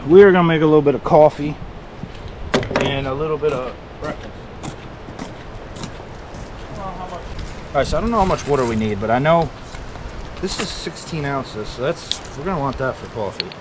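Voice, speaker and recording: A man's voice: fairly high pitch, expressive, normal speed, pauses often, heavy background noise. A man talking casually to his camera outdoors by his truck, rambling with lots of fillers as he tells a story. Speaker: volunteer vlogger.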